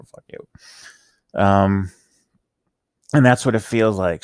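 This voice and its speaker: A man with a very low voice and slurred speech talks through an emotional personal story. He stumbles and restarts often, pausing mid-sentence. The recording is dry and close, with no room echo. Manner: halting, rambling, with many restarts and pauses. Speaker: vlogger telling his life story.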